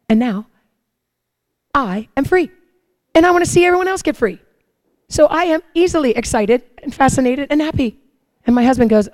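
A woman giving a sermon, telling lively personal stories and acting out her own prayers and the answers she hears. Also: on the high side, brisk, long pauses, no echo. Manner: animated storytelling, acts out her own prayers and God's replies. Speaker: preacher.

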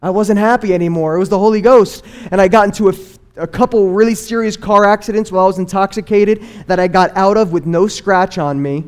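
A young man giving an earnest personal faith testimony, telling his story and acting out what people said in lively bursts. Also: high voice, brisk, smooth. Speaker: testimony speaker.

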